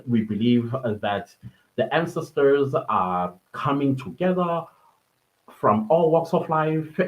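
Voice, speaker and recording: South african guy chatting on a live, rambly with lots of ums, kinda dull lo-fi sound. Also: mid-range voice. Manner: rambling, chuckles often, with many fillers and restarts. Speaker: podcast host on a live stream. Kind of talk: casual live-stream chat.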